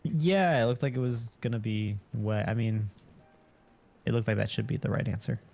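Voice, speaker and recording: A man's voice: on the low side, normal speed, vocal fry, darkish tone. A man streaming a game with his co-host, talking in a dry, laid-back way. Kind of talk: casual gaming chat. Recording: dull, muffled stream audio.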